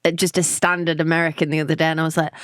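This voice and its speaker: English woman, young, bubbly, lowish voice, dry studio sound. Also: flat delivery, clear, resonant tone, dry recording. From England. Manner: bubbly, quick, laughs often. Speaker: guest musician. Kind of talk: casual interview chat.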